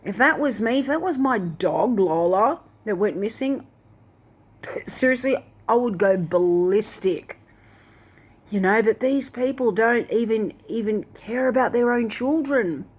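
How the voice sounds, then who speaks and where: A woman's voice: on the high side, animated, measured pace, breathy edge. Woman rambling through a dream account. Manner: rambling, many fillers like "like" and "and that". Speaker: Christian video host. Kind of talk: casual dream retelling.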